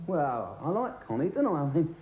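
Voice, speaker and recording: A cheeky chauffeur. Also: male voice, on the high side, very animated, normal speed, warm tone, roomy sound, a little hiss or hum, rough recording. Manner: chirpy, flustered, pleading. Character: cheeky Cockney chauffeur Jimmy, grown man. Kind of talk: sitcom acting.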